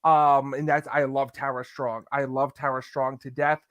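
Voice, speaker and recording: A man's voice: medium pitch, flat delivery, normal speed, a bit bright, no room sound, lo-fi sound. A man hosting a podcast, ranting in casual, opinionated chat and breaking into impressions.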